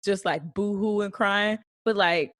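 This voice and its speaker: A woman's voice: medium pitch, measured pace. A woman co-hosting a casual podcast, chatting with slang and frequent laughter. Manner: laughing, animated storytelling with slang. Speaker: podcast co-host. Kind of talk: casual chat.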